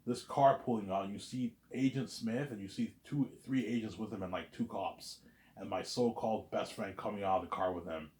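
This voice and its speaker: A man's voice: on the low side, fairly quick, darkish tone. A man casually telling a long story to the camera in a rambling way, repeating "he's like" and "you know what I'm saying". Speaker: vlogger.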